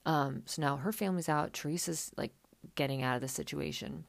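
A woman's voice: sits low, a little fast, gravelly. A woman hosting a podcast, recapping a reality show in a chatty, sarcastic, casual way. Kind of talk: casual chat.

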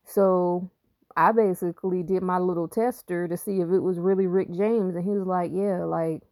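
A woman hosting her own podcast as a spiritual reader, talking loosely and cursing freely as she builds her points. Her voice sits low and mellow. The sound is dry and close, with no room around it. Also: fairly even intonation, normal speed, no echo. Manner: profane, rambling, emphatic storytelling. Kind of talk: casual podcast monologue.

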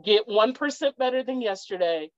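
A woman's voice: fairly high pitch, expressive, moderate pace, no room sound. A woman speaking as a guest in a heartfelt conversational interview, earnest and repeating her key phrases for emphasis. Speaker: guest, parent. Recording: dull lo-fi dry sound.

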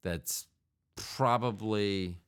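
A man with a slightly low voice hosts a solo comedic podcast. He rambles from tangent to tangent, leaning on fillers and throwing in silly mouth sound effects. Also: very slow, fairly bright tone, clean tone. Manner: rambling and digressive, with frequent fillers. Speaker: podcast host.

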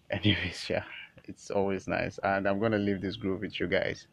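Rambling, low-voiced comedy host. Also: male voice, flat delivery, normal speed, creaky, no echo. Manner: rambling, repeats words, chuckling. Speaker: podcast host. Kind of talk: casual comedy monologue.

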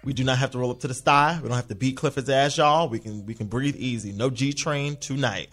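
A man's voice: medium pitch, a little fast, fairly bright tone, faint music behind. A man hosting a podcast, recapping a TV episode in a casual, sassy monologue, often slipping into mocking voices. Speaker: podcast host.

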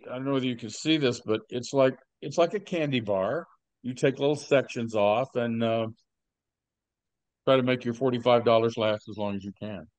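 An older man hosting a podcast, telling rambling stories with deadpan jokes and lots of fillers. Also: medium pitch, moderate pace, no echo. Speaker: podcast host. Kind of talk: casual podcast chat.

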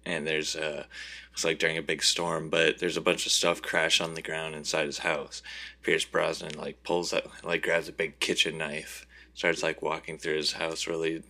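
A man's voice: rumbling low, little pitch movement, bright, forceful tone. A man co-hosting a comedy podcast, recapping a movie and laughing as he acts out quotes. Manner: slow, laughing, breaks into exaggerated quoted voices. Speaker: podcast co-host.

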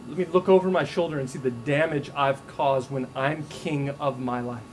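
A male pastor preaching a sermon to a congregation, animated and playful, acting out the voices in his stories. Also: medium pitch, moderate pace, a little hiss or hum. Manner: animated, acts out quoted voices with humor. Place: church stage before a congregation.

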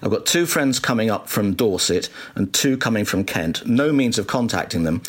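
A middle-aged man hosting a chat, telling lively, self-mocking anecdotes. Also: on the low side, normal speed, husky. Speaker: broadcaster hosting a reminiscence chat. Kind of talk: anecdotal storytelling.

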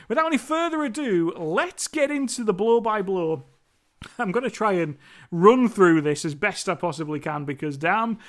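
Rambling chatty movie reviewer. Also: mid-range voice. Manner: rambling, chatty, swears casually. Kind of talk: casual movie review monologue.

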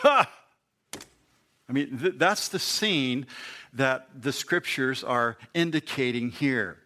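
A man's voice: fairly high pitch, pushed and bright. A man in his fifties preaching a conversational Bible sermon to his congregation, acting out the voices he quotes. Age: 50s. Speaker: pastor.

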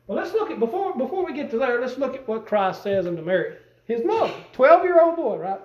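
A man with a strikingly high voice preaching a sermon in a folksy, emphatic way. His voice rises in bursts of emphasis. It rings out in an echoey church sanctuary. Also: very animated, fairly quick, few pauses, darkish tone, dull audio. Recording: echoey room.

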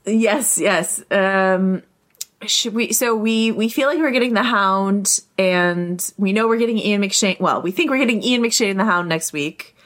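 A woman co-hosts a relaxed podcast chat, talking in a lively, rambling way full of quick asides. Her voice sits at a medium pitch. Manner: animated, quick asides with many "like"s. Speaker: podcast co-host. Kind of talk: casual podcast discussion.

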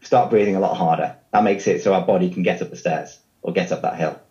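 A man with a low voice talks a podcast host through his field as a trainer. He explains steadily and leans on everyday comparisons. The sound is a little dull and muffled. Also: quick pace, mellow. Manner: explanatory, uses analogies. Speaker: fitness trainer guest. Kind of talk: podcast interview.

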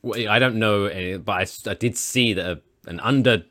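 A man's voice: lowish voice, a little fast, pushed and bright. A man in his thirties chatting casually on a podcast, playful and jokey. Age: 30s.

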